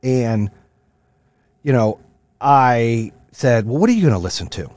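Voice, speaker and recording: Male podcast host, 30s-40s, mid-pitched, dry close sound, swings from loud cursing rants to low storytelling. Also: expressive, unhurried, dry recording. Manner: profane, fired-up motivational ranting. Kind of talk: casual monologue.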